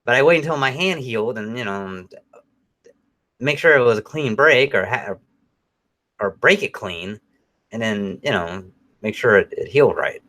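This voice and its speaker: A middle-aged man co-hosts a podcast, chatting casually and spinning animated, rambling stories laced with profanity. His voice is medium-pitched at a moderate pace, and he pauses often.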